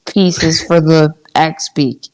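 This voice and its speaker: A woman's voice: sits low, fairly even intonation, a little mellow, rough recording. A woman playing a tabletop role-playing game, talking through her plans in an easygoing way. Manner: easygoing, unhurried planning talk. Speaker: player. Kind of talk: casual tabletop play.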